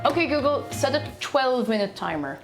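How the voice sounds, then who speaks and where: An Irish woman streaming from her home kitchen, chatty and playful as she reads out chat messages. Her voice sits fairly high and swings up and down a great deal. Faint music plays behind her. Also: big pitch swings, normal speed. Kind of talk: casual cooking livestream chat.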